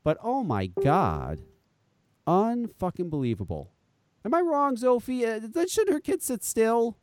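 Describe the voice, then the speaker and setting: A man's voice: sits high, big pitch swings, measured pace, a little mellow. A man in his forties hosting a podcast, ranting in a profane, exasperated way in talk-radio commentary. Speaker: podcast host.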